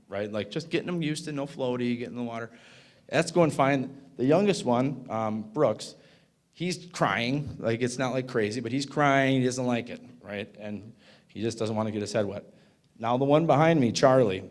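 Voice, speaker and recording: Casual man telling a story at a conference. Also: medium pitch. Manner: casual, filler-heavy, asks the audience "right?". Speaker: conference speaker. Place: conference hall.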